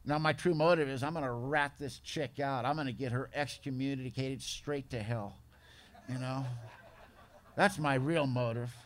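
A man speaking at a recovery meeting, telling his story bluntly, with rough slang and gruff humor. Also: mid-range voice, fairly even intonation, moderate pace. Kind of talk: storytelling talk.

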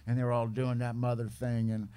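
A man's voice: mid-range voice, completely flat delivery, a little fast, dark tone, clear, resonant tone. A man giving his personal testimony at a recovery meeting, earnest and folksy in his manner.

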